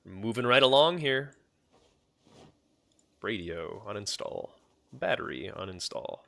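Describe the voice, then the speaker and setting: A man's voice: lowish voice, big pitch swings, takes it slowly, vocal fry, bright, forceful tone. A young man streaming a game, chatting casually with his viewers in a rambling way. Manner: rambling, talks to chat, many fillers and restarts. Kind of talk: casual live-stream chat.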